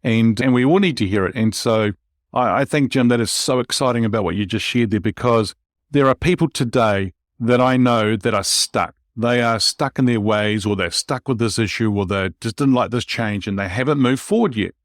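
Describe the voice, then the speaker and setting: A man's voice: mid-range voice, normal speed, no room sound. Dry-sounding enthusiastic podcast host man. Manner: enthusiastic, rambling, addresses listeners directly. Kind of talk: casual interview chat.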